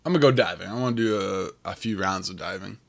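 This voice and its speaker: A man with a lowish, gravelly voice, still rough from waking up, talks his way through a game. He rambles and thinks out loud in a relaxed way. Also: quick pace. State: rough morning voice. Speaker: game streamer. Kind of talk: casual gameplay commentary.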